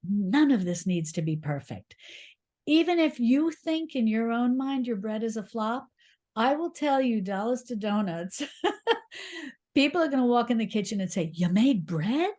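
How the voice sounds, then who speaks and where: A woman's voice: a little high, animated, moderate pace, darkish tone. Woman, middle-aged, interview guest, encouraging, laughs often, storytelling. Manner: encouraging, reassuring. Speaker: cookbook author guest. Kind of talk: conversational interview.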